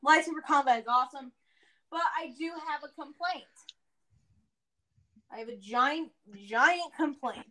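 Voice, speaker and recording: Brief: female podcast host, high bright pitch, rambling jokey recap, casual. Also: unhurried, pauses often, low-quality recording. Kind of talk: casual game review chat.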